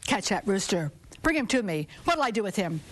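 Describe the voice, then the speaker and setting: A woman's voice: mid-range voice, sing-song, fairly quick, no room sound. A woman voicing a greedy, bad-tempered big male king who barks bossy commands. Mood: angry orders.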